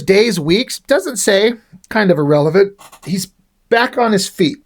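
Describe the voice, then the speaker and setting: A man casually retelling the plot of a comic issue, reading its dialogue aloud in his own voice with only small shifts for the characters. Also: high voice. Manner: reads dialogue aloud with little character voicing. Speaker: comic book reviewer.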